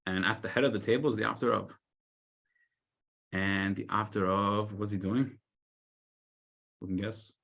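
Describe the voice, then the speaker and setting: A man, a rabbi, telling a story in a weekly Torah class, loudly acting out the scolding characters. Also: fairly low pitch, measured pace, vocal fry, pauses often. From United States. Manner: animated storyteller, shouts the lines of scolding characters.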